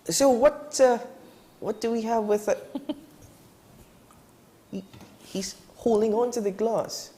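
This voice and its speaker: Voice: medium pitch, takes it slowly, pauses often, dark tone. A morning TV show host who welcomes guests in a bubbly manner and laughs easily. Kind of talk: TV talk show hosting. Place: TV studio.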